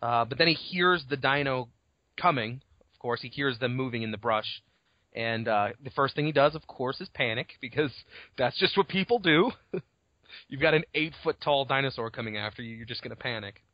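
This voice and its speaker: A man co-hosting a casual book podcast, talking in an animated way and swearing freely as he acts out scenes. His voice sits at an ordinary middle pitch. The recording is dull and lo-fi but dry, with no room sound. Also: normal speed, no echo. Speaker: podcast co-host.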